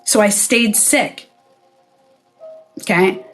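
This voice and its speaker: Speaking extremely slowly in a mid-range, fairly bright voice, this middle-aged former spa owner addresses the camera in a relaxed vlog with soft music underneath. She doesn't mince words, curses freely, and imitates anyone she quotes.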